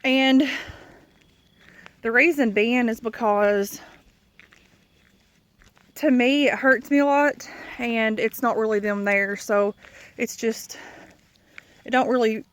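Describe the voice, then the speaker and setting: A woman's voice: on the high side, slow, pauses often. Breathless woman chatting while walking. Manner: rambling, chatty, confiding. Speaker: vlogger. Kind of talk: casual chat while walking. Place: outdoors on a country road.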